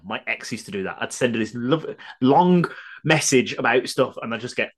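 A male podcast co-host reads listener comments in relaxed, chatty banter. His pitch rises and falls in a lively, animated way, and he keeps breaking into laughs and sarcastic remarks. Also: normal speed, long pauses. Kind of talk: casual chat.

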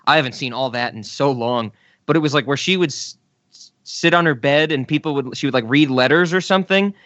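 A man's voice: a little high, brisk, fairly bright tone, no echo. A man in his thirties co-hosting a podcast, talking in an easygoing, reflective way with occasional fillers. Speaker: podcast co-host. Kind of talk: casual podcast chat. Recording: slightly dull, dry lo-fi audio.

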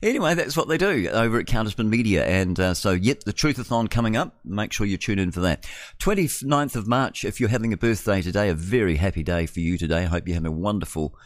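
A man's voice: fairly low pitch, lively intonation, fast talker, dry recording, clean studio sound. A middle-aged man with a New Zealand accent hosting talk radio in a rambling, chatty way. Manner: rambling, chatty, with filler sounds. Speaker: radio host.

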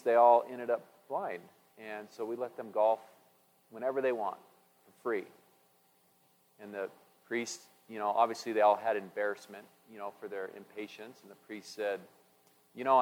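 A man giving a sermon, telling jokes and stories in a folksy way with fillers and restarts. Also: mid-range voice. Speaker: preacher. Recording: long reverb of a large hall.

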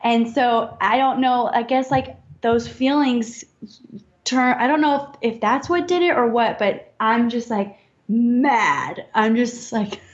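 A woman's voice: on the high side, slow, highs cut off. A woman in casual chat as a guest, giggly and rambling as she opens up about her feelings.

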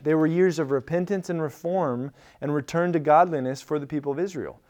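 Male pastor, conversational sermon delivery, fairly high voice, loose and informal. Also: darkish tone. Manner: casual, conversational preaching with fillers and restarts.

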